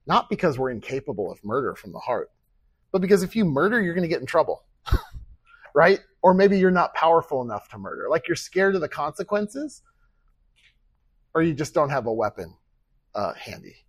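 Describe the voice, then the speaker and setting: Man, pastor, earnest sermon, rhetorical questions, slightly husky, dry recording. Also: fairly high pitch, sing-song, moderate pace, dry recording. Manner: acts out quoted speech.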